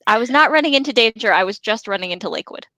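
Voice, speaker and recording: A fast-talking woman co-host with a lively, swooping voice, joking and poking fun at herself. Her pitch sits a little high. The sound is close and dry. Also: no echo. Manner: joking, self-deprecating. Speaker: podcast co-host. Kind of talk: casual chat.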